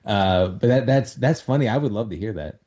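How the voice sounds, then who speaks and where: An American man with an East Coast accent, a guest on a casual podcast, talking in a wry, halting way with many restarts. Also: fairly low pitch, animated, warm tone, muffled recording.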